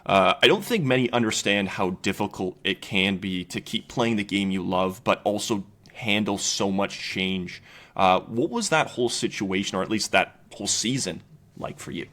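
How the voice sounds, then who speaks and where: A young man hosting a podcast interview, asking friendly questions in a halting way with many fillers. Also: lowish voice, fairly bright tone. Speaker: podcast host. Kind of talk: casual interview.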